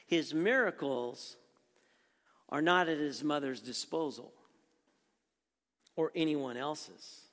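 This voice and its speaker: Pastor, man, high-pitched, preaching in a big reverberant sanctuary; punchy rhetorical questions, drops to near-quiet for weight. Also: expressive, takes it slowly, pauses often. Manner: rhetorical questions, swings between emphatic and hushed. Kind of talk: sermon. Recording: long reverb from a large hall.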